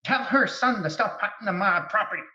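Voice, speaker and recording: A woman's voice: medium pitch, fairly quick, bright, forceful tone, pitched above the performer's own voice, lightly acted. A man voicing an angry, territorial female ghost who is stuck at her old property, speaking curtly and possessively. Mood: hostile. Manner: curt, possessive. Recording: distant, roomy, dull.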